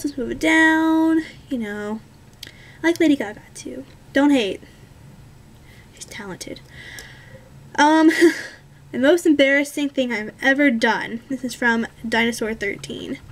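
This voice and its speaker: Chatty high-voiced young woman vlogger. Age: 20s. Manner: chatty and rambling, many ums and self-corrections. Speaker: vlogger answering viewer questions. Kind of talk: casual chat.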